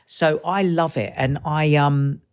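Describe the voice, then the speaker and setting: Man, australian accent, fifties, animated storyteller, casual interview guest. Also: fairly high pitch, takes it slowly, smooth. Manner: animated, acts out quoted voices in anecdotes.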